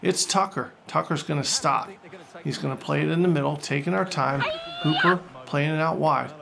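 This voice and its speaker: Excitable man doing mock football commentary. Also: a little high, normal speed, vocal fry, noisy background. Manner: mock sportscaster, excitable, jokey. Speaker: gaming YouTuber. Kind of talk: let's-play commentary.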